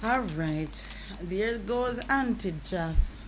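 Woman, Jamaican accent, co-host, laughing, animated, lively high pitch, loud background noise. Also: extremely slow. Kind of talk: casual chat.

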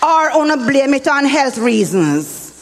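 A woman's voice: high voice, big pitch swings, unhurried. A woman performing stand-up comedy, scolding her audience in patois. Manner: scolding, preachy comic delivery in patois.

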